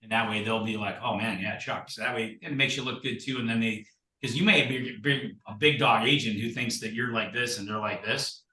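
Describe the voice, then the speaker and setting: A man guest in casual chat, telling stories in an animated, blunt and salty way. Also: medium pitch, fairly quick. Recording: roomy sound from far off the mic.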